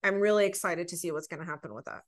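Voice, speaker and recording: A woman's voice: fairly low pitch, racing. Earnest woman telling heartfelt stories. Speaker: podcast guest. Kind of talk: casual podcast conversation.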